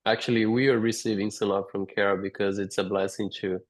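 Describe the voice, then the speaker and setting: A man hosting a healing group call, gentle and encouraging over a video call. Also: lowish voice. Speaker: call host.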